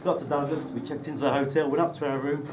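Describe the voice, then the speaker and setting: Fast-talking and fairly even in intonation, this man has a voice on the high side. He teases the groom at an indoor wedding reception with dry, well-timed stories full of comic timing. The recording uses a distant mic with plenty of loud room noise.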